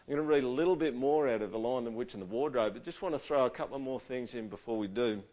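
Casual, animated male preacher. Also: medium pitch, fast. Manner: casual and animated, with rhetorical questions to the audience. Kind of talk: conversational sermon.

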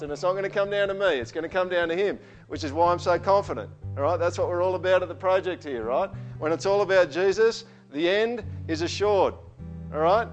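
A male pastor preaching a conversational sermon to his church. He checks in with tag questions and swings from quiet, earnest talk to forceful, emphatic declarations. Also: high voice, a little fast, dull audio, faint music behind. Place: church service.

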